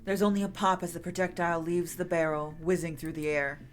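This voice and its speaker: A woman streamer reading a story game aloud with dramatic narration, breaking into lively chat with loud exclamations. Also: on the low side, brisk, a little hiss or hum. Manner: animated, bursts of loud exclamations and laughter.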